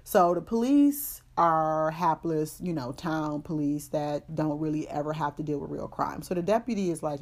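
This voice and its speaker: A woman hosting a comedy podcast, recapping a story in profane, slangy, animated storytelling. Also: low-pitched, normal speed, few pauses. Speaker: podcast host.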